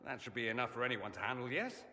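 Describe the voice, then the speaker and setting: A man's voice: mid-range voice, quick pace, bright, forceful tone, close to an everyday voice. A man voicing a witty, proud male mage who talks in a wry, teasing and theatrical way. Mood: sardonic. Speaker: game character. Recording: game audio with long reverb.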